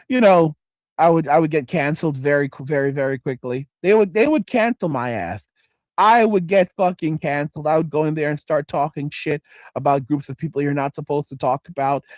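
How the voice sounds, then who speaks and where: A middle-aged man hosts a casual livestream, talking back to viewer comments in a rambling, profane way and tripping over his own restarts. His voice sits a bit high for a man. The sound is dry and close, with no room echo. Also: a little mellow, muffled recording. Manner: profane, rambling, self-interrupting. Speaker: livestream host.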